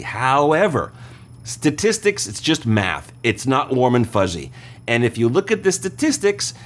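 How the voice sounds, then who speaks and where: A man hosting an insurance show, answering listener questions in a conversational, explanatory way and often checking in with the listener. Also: medium pitch.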